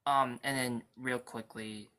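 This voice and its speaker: A woman's voice: very deep voice, fairly even intonation, slow, a bit bright. A woman interviewing casually, asking hesitant questions with many fillers.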